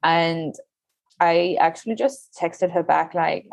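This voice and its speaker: A young woman speaks as a podcast guest, telling her story in a casual, filler-heavy way. Her voice sits a little low. The sound is dry and close. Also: slow pace, gravelly, dry recording. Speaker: guest, yoga teacher and wellness coach. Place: Revelstoke, Canada.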